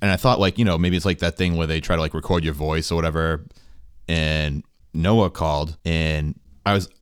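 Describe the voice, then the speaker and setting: A man hosting a podcast, telling stories in a rambling, profane, animated way. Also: rumbling low, normal speed, clear, resonant tone, dry recording, clean studio sound. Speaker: podcast host. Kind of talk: casual podcast chat.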